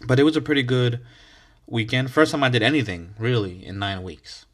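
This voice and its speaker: A man's voice: mid-range voice, brisk. A man hosting his own podcast in a casual, rambling solo monologue, restarting words and swearing freely, hyped up on coffee. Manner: laid-back, swears casually. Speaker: podcast host.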